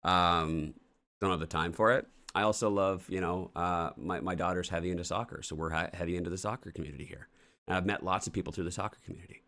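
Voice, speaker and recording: Man, from Canada, very low voice, show host, casual rambling, blunt, swearing. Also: steady tone, fast talker, a bit bright. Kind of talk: casual morning show chat.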